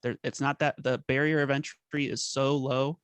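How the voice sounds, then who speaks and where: A man's voice: medium pitch, little pitch movement, moderate pace, a bit bright, clear, resonant tone, no echo. Earnest guy from a band, middle voice, dry close sound. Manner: earnest, sentimental, laughs at himself. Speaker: band member guest. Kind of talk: casual interview talk.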